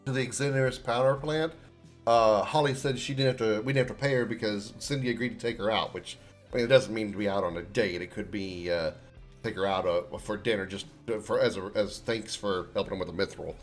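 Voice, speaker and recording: A man's voice: fairly low pitch, fairly even intonation, fairly quick. A man streaming a video game, chatting casually and joking, with lots of fillers and restarts. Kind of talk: casual gameplay commentary. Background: faint game music.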